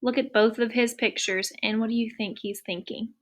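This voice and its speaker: A woman's voice: on the high side, fairly even intonation, moderate pace. A woman teacher reading a picture book aloud to young students, patient and asking many questions.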